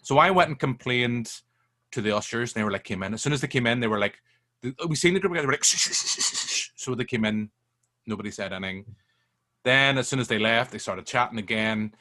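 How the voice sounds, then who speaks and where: Guy telling cinema stories, lively, swears a lot, bright forceful tone. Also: medium pitch, brisk. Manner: animated, sweary storyteller. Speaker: film podcast guest. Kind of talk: casual chat.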